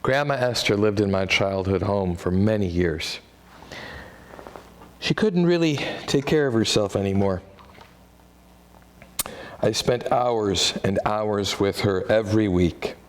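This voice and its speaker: Speaking slowly and pausing often, a man with a Midwestern American accent performs a one-man show on stage. He leans on self-deprecating, wry dad jokes, with sudden pitch jumps for comic emphasis.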